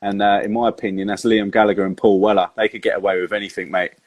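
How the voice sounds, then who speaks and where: A man's voice: lowish voice, little pitch movement, fast talker, no echo. A man hosting a casual chat, matey and informal in his manner. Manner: matey, informal, says mate a lot. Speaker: host.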